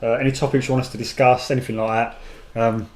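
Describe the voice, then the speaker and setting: Guy ranting on a podcast, talks quick, swears a lot, echoey room. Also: mid-range voice, a little hiss or hum. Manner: sweary, animated storytelling. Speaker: podcast co-host. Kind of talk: casual chat.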